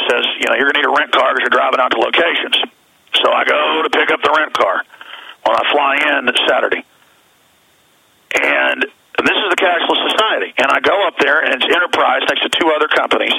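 A man's voice: fairly high pitch, creaky, sharp tone, slightly rough, dry recording, poor audio. A male radio host ranting indignantly in a rambling monologue, calling in by phone. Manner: indignant, rambling, repeats words.

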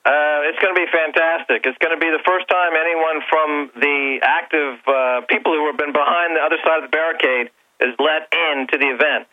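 Brief: fiery male guest, slightly high voice, heard over a dull phone line. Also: fairly even intonation, brisk. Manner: fiery, bombastic, provocative. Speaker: guest financial commentator. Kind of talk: call-in talk show guest. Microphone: telephone.

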